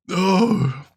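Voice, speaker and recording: A man's voice: high voice, husky. A man hosting a let's play, joking through casual game commentary, greeting chat and laughing often.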